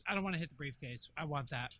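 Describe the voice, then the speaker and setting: A player in a casual tabletop game, talking quickly and excitably. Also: medium pitch.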